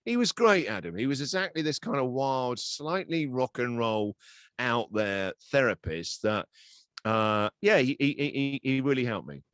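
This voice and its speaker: A man being interviewed, telling a lively anecdote and acting out both sides of the conversations in it. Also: mid-range voice, measured pace, dry recording, clean studio sound. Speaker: radio host and interview guest. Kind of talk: animated storytelling in an interview.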